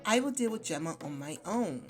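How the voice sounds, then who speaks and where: A woman's voice: fairly low pitch, expressive, a little fast, soft background music, natural voice. A woman voicing a tired, hurt middle-aged mother in a life-sim game, weary and scolding.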